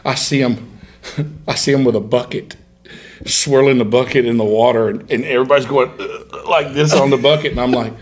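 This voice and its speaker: A man's voice: medium pitch, steady tone, moderate pace. A middle-aged man, a guest on a podcast, telling hunting stories in a rambling, self-interrupting way and laughing through them. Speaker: guest, duck hunter. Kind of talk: casual storytelling in a podcast interview.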